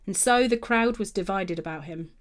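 A woman's voice: medium pitch, moderate pace. Woman narrating a Bible passage. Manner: steady, clear storytelling with dropping phrase ends.

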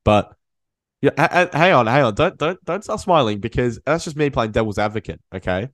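A man hosting a casual sports podcast, talking in an animated way and often repeating and restarting his words. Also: mid-range voice, a little fast, dry recording. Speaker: podcast host. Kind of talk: casual chat.

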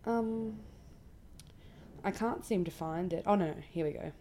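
A woman hosting her own casual solo podcast, rambling and self-deprecating, swearing freely in a somewhat monotone voice. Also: mid-range voice, measured pace, a little hiss or hum. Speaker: podcast host.

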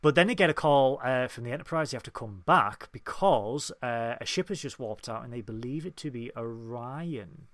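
A man co-hosting a casual review chat, excitable and fanboyish, laughing often. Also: medium pitch, normal speed, few pauses, dry recording. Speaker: podcast co-host reviewing a TV episode.

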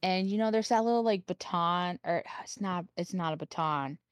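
A woman's voice: fairly low pitch, smooth, no room sound, clean studio sound. A woman co-hosting a podcast, chatting casually and chiming in to correct details. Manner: chatty, quick to correct and chime in. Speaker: podcast co-host. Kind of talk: casual chat.

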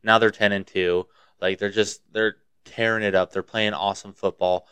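A young Montana man rants on his solo podcast, cursing freely and hopping from one complaint to another with genuine heat and a fired-up, rambling energy. His low voice is smooth, clear and fairly bright, delivered in a level tone at normal speed. The recording is dry and close-miked, with no room sound.

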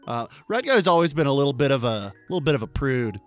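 On a comedy podcast, a fast-talking male co-host with a mid-range, sing-song voice jokes and laughs often while narrating a silly invented scene for a game. He slips into goofy voices, and faint music plays behind him.

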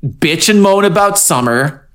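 Guy ranting about a tv episode on a podcast, swears a lot, kinda high voice, fake-mad and goofy. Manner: profane, animated, mock-angry, doing quick character voices. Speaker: podcast co-host. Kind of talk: casual chat recapping a TV episode.

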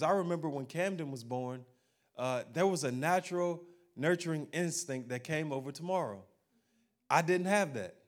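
A man pastor delivers a sermon in a fairly high voice. He talks in an animated, humorous way and speaks straight to his congregation.

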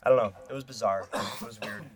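A man's voice: on the low side, fairly even intonation, fast, crowd noise. A man co-hosting a podcast, rambling casually with a lot of filler words. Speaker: podcast co-host. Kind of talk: casual chat.

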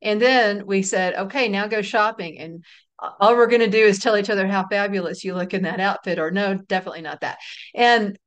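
A middle-aged woman, an author being interviewed, telling stories in a relaxed, laughing way. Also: mid-range voice, brisk, clear, resonant tone, lo-fi sound. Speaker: author and guest. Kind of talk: casual interview chat.

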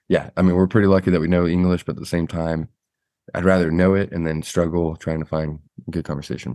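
Male podcast host, low dark voice, dry close sound, easygoing chat. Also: no room sound. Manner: relaxed, uses many fillers like "like". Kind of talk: casual interview chat.

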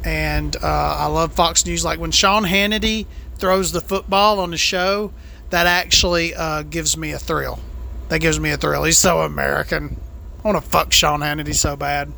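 A man hosting a comedy podcast in character, talking in a put-on Southern accent in a rambling, deadpan way full of "uh" fillers. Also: fairly high pitch, normal speed, vocal fry. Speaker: podcast host.

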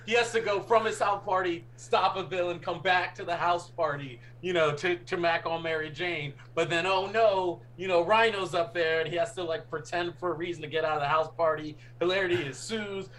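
Bright-voiced enthusiastic man. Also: a little high, slight background noise. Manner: enthusiastic, laughs often. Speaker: podcast co-host. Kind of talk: casual chat.

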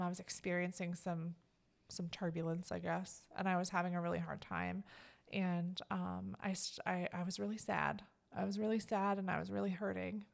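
A woman's voice: on the low side, creaky. A woman co-hosting a podcast, talking in a casual, emotional way and rambling with many fillers. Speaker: podcast co-host. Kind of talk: casual heartfelt chat.

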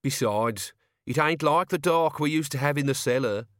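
A man's voice: fairly high pitch, normal speed, a bit bright, no echo, studio quality, voice pushed up, close to an everyday voice. A man voicing a brooding male thug who speaks simply and plainly. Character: moody adult male thug who sees in the dark.

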